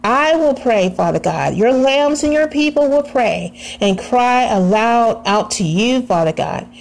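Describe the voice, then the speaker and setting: A woman's voice: a little high, lively intonation, measured pace, vocal fry, a little hiss or hum, low-quality recording. A woman praying aloud, fervent and pleading, returning again and again to the same address to God. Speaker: prayer leader. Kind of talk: spoken prayer.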